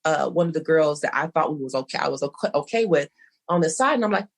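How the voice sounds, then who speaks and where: A woman's voice: low voice, lively intonation, fast. A middle-aged woman co-hosting a podcast, telling a long rambling story and quoting back and forth. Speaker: podcast co-host. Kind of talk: casual podcast chat.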